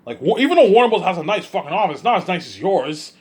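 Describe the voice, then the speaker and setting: A man putting on the voice of an amazed older film director, gushing with excited exclamations. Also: high voice, fast, voice pushed up.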